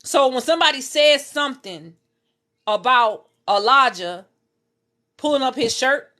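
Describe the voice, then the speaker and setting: A woman's voice: high voice, expressive, a little slow, bright, forceful tone. Intense woman telling her life story. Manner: intense, repetitive, swears, speaks straight to viewers. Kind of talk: emotional personal storytelling. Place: in her bed at home.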